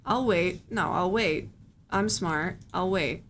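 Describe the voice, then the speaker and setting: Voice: medium pitch, takes it slowly, fairly bright tone, a little hiss or hum. A streamer chatting in a group, blunt and offhand, swearing often. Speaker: streamer guest. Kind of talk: casual group chat on a livestream.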